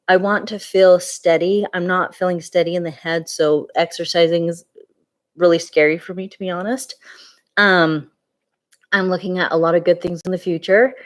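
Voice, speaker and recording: A woman in her forties talking candidly and tiredly in a personal vlog update, rambling with many fillers and restarts. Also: fairly low pitch. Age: 40s. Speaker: vlogger.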